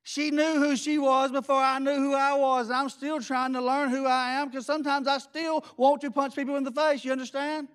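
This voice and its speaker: Intense blunt pastor, man, high pitched, preaching folksy in church. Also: flat delivery, a little fast, few pauses, fairly bright tone. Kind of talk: sermon.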